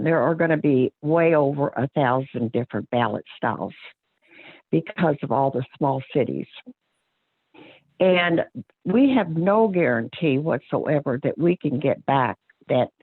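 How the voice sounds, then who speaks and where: A woman's voice: deep voice, breathy edge, dry recording. A woman, a county clerk giving plain-spoken, earnest remarks at a public board meeting, with frequent fillers and restarts. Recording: tinny phone-line audio, dry.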